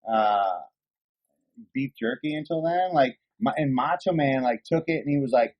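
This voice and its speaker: A man co-hosts a casual podcast and swears freely as he rambles with excitement. His voice sits at an ordinary pitch. The recording sounds a little dull and lo-fi. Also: normal speed. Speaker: podcast co-host. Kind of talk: casual chat.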